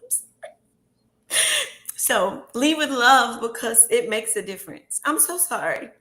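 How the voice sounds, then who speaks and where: A woman's voice: on the high side, expressive, normal speed, a bit bright, reverberant. A woman school leader telling an emotional story on a panel, effusive and near tears. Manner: effusive, tearful, laughing.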